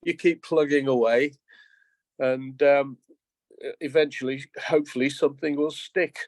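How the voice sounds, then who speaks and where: A man's voice: mid-range voice, steady tone, normal speed, darkish tone, no echo. Man, 70s, interview guest, anecdotal rambling, frequent restarts, dry recording. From England. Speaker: guest musician. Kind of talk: casual interview.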